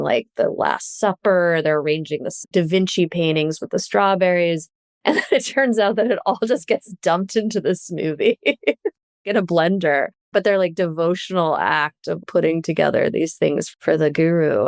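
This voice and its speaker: Low gravelly woman chatting on a podcast, animated, laughing through her stories, dry close sound. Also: moderate pace, no room sound. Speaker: guest, journalist and author. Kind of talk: casual podcast conversation.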